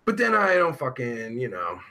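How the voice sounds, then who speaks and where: A man's voice: medium pitch, huge pitch swings, moderate pace, sharp tone. A man hosting a live show, reading chat messages aloud and answering them in a rambling, vulgar, easily riled way. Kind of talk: crude casual live-stream chat.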